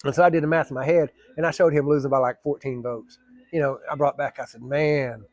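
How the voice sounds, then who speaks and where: Colloquial male storyteller, meandering and profane, slightly high voice. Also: fast, no echo. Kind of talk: casual anecdote telling.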